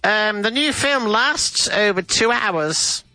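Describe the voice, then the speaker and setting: Slow, bright-voiced man reading examples. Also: high voice, lively intonation, dry recording, faint music behind. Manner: reads sentences slowly after a filler. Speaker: guest reading example sentences.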